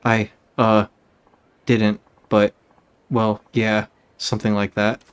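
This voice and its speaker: A nervous young man from a video game, stammering and sheepish in a lowish voice as a man reads his lines aloud. He sounds close to the reader's plain voice. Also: completely flat delivery, takes it slowly, clean tone. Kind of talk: reading game dialogue aloud.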